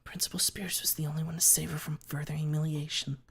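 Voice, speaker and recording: A man voicing a pained, bitter teenage girl on the witness stand in whispered role-play, speaking quietly with a trembling, measured manner. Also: a little high, flat delivery, pitched above the performer's own voice, exaggerated voice. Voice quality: breathy whisper.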